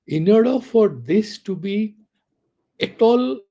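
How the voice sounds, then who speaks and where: A man's voice: sits high, expressive, slow pace, warm tone, dull audio. A man teaching a philosophy class, reciting Sanskrit verses and asking rhetorical questions. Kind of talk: class lecture.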